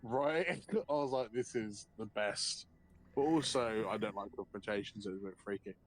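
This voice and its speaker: A man's voice: fairly low pitch, normal speed, rough recording. A man, a guest on a live stream, casually telling a story, swearing freely and acting out what people said. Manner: animated and sweary, acting out quotes and laughing often.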